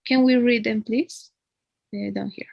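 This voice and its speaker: A woman's voice: a little high, steady tone, unhurried, vocal fry, dry recording, highs cut off. A woman teaching an English grammar lesson one on one, explaining patiently and often checking in with a tag question.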